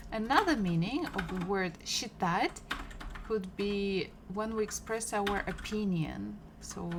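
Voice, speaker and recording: Woman streaming a language lesson from home, unhurried and patient, repeats each word, faint typing behind her. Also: mid-range voice, background noise. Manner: slow, patient, repeats words several times, chats with viewers. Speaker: Russian language teacher.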